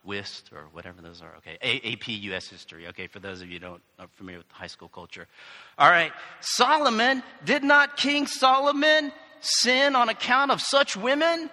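Bright-voiced pastor preaching in a hall. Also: male voice, sits high, normal speed. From United States. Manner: animated, conversational preaching with asides and questions to the congregation. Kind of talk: sermon. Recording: reverberant hall.

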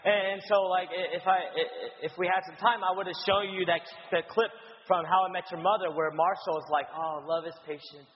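A man preaching in a conversational teaching style, halting with stammered restarts and frequent "right?" checks. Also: high-pitched, steady tone, in a large hall, highs cut off. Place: church in Houston.

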